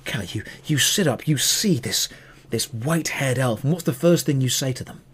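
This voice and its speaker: A man's voice: medium pitch, normal speed, a bit bright, a little hiss or hum. Man narrating as dungeon master. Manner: playful, teasing narration. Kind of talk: narrating a tabletop game.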